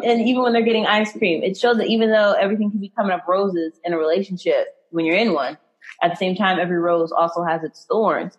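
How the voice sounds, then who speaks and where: A woman's voice: mid-range voice, highs cut off. A woman hosting a casual podcast chat, retelling a film with enthusiasm and filler words. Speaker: podcast host.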